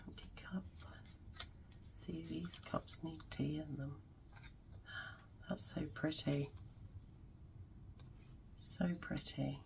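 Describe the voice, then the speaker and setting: A woman's voice: low voice, fairly even intonation, slow, gravelly, pauses often, darkish tone, slight background noise, rough recording. A woman at her home crafting table, gushing and musing aloud as she chats casually through her craft supplies. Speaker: craft vlogger.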